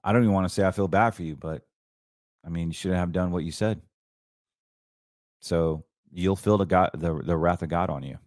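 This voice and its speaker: Male show host, lower voice, fervent and preachy, dry recording. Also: normal speed, long pauses, a little mellow, no room sound. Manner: fervent, preachy, rambling with restarts. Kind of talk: casual financial commentary.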